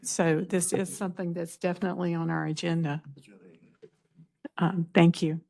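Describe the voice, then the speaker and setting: A woman commissioner asking questions at a public meeting, speaking deliberately and searching for words. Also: lowish voice, level tone, creaky, a little mellow. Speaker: commission member.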